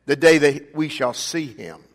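Here a high-pitched older pastor delivers a sermon at a slightly slow pace, his words echoing through the long reverb of a church hall. He works the congregation with call-and-response, moving from soft asides to loud moments of emphasis.

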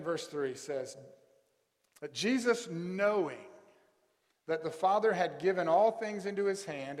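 A man preaching a sermon and reading scripture aloud, with heavy emphasis on key words that he slows right down to stress. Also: fairly high pitch, big-room sound. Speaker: pastor.

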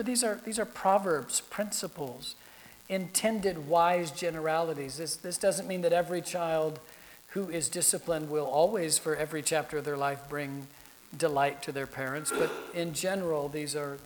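A man's voice: on the high side, normal speed, slight background noise, low-quality recording. A middle-aged man, a pastor, teaching a class for parents in a conversational, anecdotal way, laughing often.

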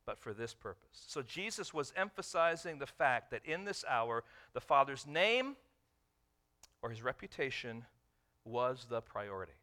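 A man preaching a sermon as a pastor, repeating key lines, asking the listeners questions, and swinging between loud emphasis and quiet, drawn-out phrases. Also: mid-range voice, very animated.

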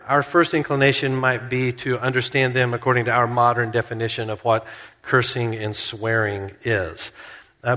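A man preaching a sermon in a church, earnest and slowing down to stress key points. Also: mid-range voice, a bit bright, big-room sound. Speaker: pastor.

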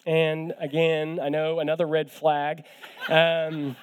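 A young man preaching as a guest speaker, his voice sitting a little higher than most men's. He keeps it conversational and easygoing, mixing gentle jokes at his own expense into the teaching and often doubling words as he goes. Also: completely flat delivery, slow, a little hiss or hum. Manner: conversational with light self-deprecating humor, often repeats words. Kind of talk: sermon.

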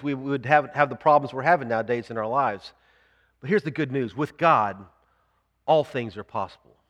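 A man preaching a sermon as pastor, earnest and explaining, slowing down when he reads scripture aloud. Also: medium pitch, big-room sound.

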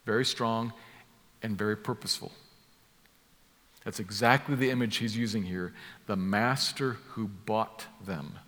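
A man's voice: on the low side, fairly even intonation, measured pace, long pauses, a bit bright. A man preaching an expository sermon, explaining a passage in an emphatic way and repeating key words for stress. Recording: long hall reverb.

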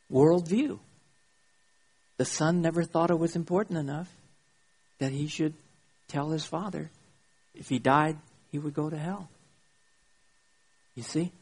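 Husky-voiced man preaching a sermon. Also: a little high, darkish tone. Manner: emphatic, checks in with "You see?" and "Okay?"; reads scripture slowly and deliberately. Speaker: pastor.

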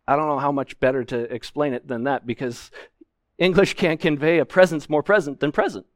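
A man's voice: fairly high pitch, brisk, dry recording, studio quality. A man preaching a sermon from a pulpit, explaining scripture earnestly and with emphasis. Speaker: pastor. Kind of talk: expository sermon. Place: church sanctuary, at a pulpit.

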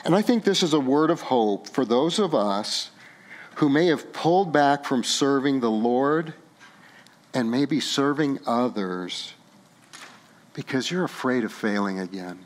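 A man preaching a sermon, impassioned and emotional, pleading with rhetorical questions and dropping low on personal moments. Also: expressive, measured pace. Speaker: pastor.

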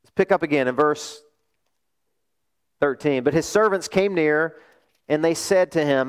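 A male pastor preaches a sermon, telling a story animatedly and posing rhetorical questions. His voice sits on the high side, with a clean tone, a measured pace, and frequent pauses.

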